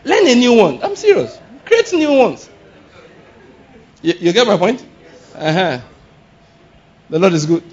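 Male preacher, high husky voice, animated sermon delivery, lo-fi sound. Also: a little slow, pauses often. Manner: animated, laughing, shouting exclamations, rhetorical questions. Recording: dull lo-fi sound.

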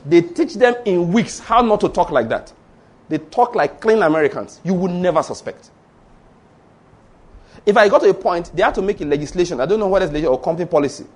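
A middle-aged Nigerian pastor with a Yoruba accent, preaching in an animated storytelling way and acting out conversations. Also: male voice, high-pitched, fairly quick. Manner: animated storytelling, acts out dialogue, rhetorical questions. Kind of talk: sermon.

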